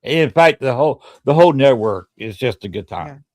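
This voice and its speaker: Relaxed hesitant male podcast host. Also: medium pitch, normal speed. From American South. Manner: relaxed, hesitant, many uh fillers. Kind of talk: casual podcast chat.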